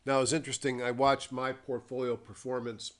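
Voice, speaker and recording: A man dictating a weekly stock market review with a formal disclaimer, talking in an unhurried way and thinking aloud with frequent ums and pauses. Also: mid-range voice, level tone. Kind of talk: dictated screen-share market commentary.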